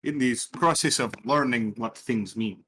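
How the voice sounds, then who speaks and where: A man's voice: mid-range voice, a little slow, a bit bright, a little hiss or hum. A man playing a tabletop game online, mixing casual chat with in-character remarks. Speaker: player.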